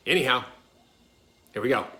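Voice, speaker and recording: A man's voice: mid-range voice, expressive, normal speed, sharp tone. Middle-aged man, chatty garage woodworking vlogger, loose and rambling delivery. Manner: rambling, self-correcting, chatty. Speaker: home DIY vlogger. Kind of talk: casual workshop vlog. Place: home garage workshop.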